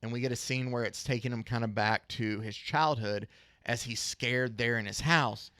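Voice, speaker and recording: A man's voice: mid-range voice, steady tone, moderate pace, a bit bright, no room sound. Podcast co-host, male, chatty retelling of a comic, dry close mic. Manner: retells scenes, acting out characters' lines. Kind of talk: casual comic recap chat.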